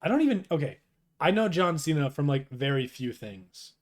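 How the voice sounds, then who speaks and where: A man's voice: fairly high pitch, sing-song, moderate pace. Rambling, self-deprecating young man streaming. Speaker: streamer reading a webcomic aloud. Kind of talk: casual live-stream chat.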